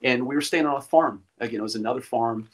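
Dude rambling thru a creepy tour story, lots of ums and likes, medium voice. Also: male voice, mid-range voice, quick pace. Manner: rambling, many fillers and restarts. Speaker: podcast guest, musician. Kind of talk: casual storytelling.

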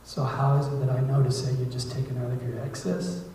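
Man, missionary preacher, mellow voice, conversational sermon, swings hushed to loud, echoey hall, distant mic. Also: medium pitch, steady tone, fairly quick, slight background noise. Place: church sanctuary.

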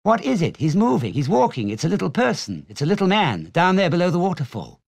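A man's voice: high-pitched, huge pitch swings, fast talker, creaky, voice pushed up, full character voice. A man voicing a spoiled little girl screaming frantically in a storybook reading. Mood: frantic.

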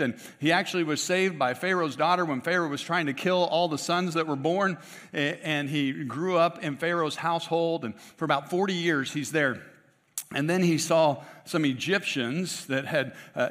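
Pastor with a slightly high voice, reverberant church. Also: male voice, fairly bright tone. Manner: conversational, many restarts and asides to the congregation. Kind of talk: sermon. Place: church sanctuary.

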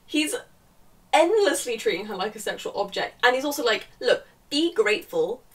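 A woman's voice: on the high side, very animated, a little fast, a bit bright, recorded from a distance, low-quality recording. Exasperated woman ranting about a book. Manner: exasperated, sarcastic, laughing, swearing. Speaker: book reviewer. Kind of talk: casual ranting book review.

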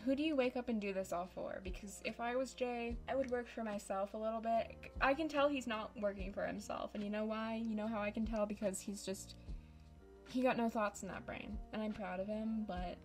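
A woman's voice: mid-range voice, moderate pace, darkish tone, soft background music. A woman giving casual, dramatic and sarcastic commentary over a game, close on a desk microphone. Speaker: YouTuber.

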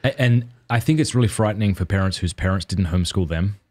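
Male host, low and quick, dry close recording, curious interviewer. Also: darkish tone, dry recording. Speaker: podcast host. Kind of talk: casual podcast interview.

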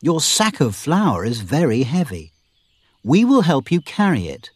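A confident, playful outlaw leader speaks with lively, rising and falling tones, read by a male narrator. The voice is husky and dry, recorded close up. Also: a little high, a little slow, dry recording, full character voice.

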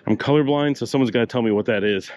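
A man's voice: mid-range voice, fast talker, darkish tone. An older man narrating a walking tour outdoors in a chatty, rambling way, breathing a little hard with a slight cough. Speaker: travel vlogger. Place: city streets outdoors, walking.

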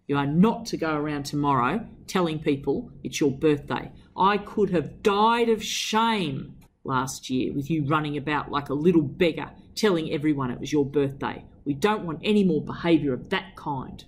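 A woman's voice: low-pitched, a little hiss or hum, close to an everyday voice. A woman reading as a stern, shamed mother. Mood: scolding. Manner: slow, scolding and anguished. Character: stern shame-obsessed mother of a small girl.

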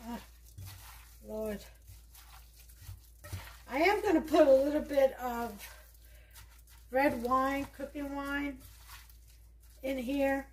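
A home cook with a New York accent and a high-pitched but darkish voice hosts a casual kitchen demo. She takes her time, pausing often, and chats and thinks aloud with many fillers.

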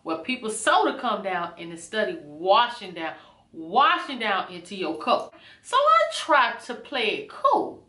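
Animated woman ranting in an echoey room. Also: medium pitch, unhurried. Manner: animated, indignant storytelling with a few whispered bits. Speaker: vlogger. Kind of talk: storytime rant.

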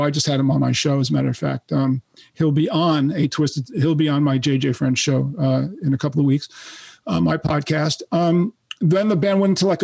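A man's voice: a little high, gravelly, a little mellow, no echo. A man in his sixties with a New York accent, a guest musician telling brash, profane stories in a casual interview. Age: 60s.

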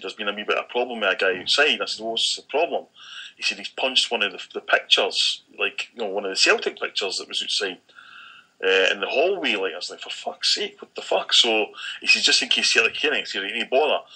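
A Scottish man chats on a podcast, telling a story. His voice is low-pitched but very bright and forceful. He acts out the dialogue of the people in the story and swears freely. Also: slightly rough, low-quality recording. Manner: animated storyteller acting out quoted dialogue, frequent swearing. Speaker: podcast co-host. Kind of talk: casual chat, storytelling.

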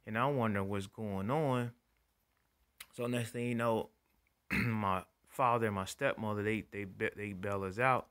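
Slow-talking male stand-up comedian. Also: fairly low pitch. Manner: profane, animated, acts out voices. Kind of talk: stand-up storytelling.

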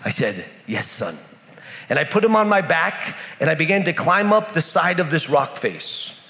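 A man's voice: a little high, moderate pace, gravelly, sharp tone. A man from the United States preaching a sermon in a church in Kenya, telling a story with lots of repetition. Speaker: pastor. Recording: echoey church hall.

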